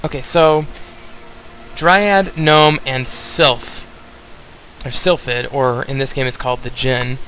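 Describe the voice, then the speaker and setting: Bright-voiced chatty male gamer. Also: medium pitch, steady tone, takes it slowly, slight background noise, low-quality recording. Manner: chatty, rambling, talks straight to viewers. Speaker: let's play host. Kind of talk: casual game commentary.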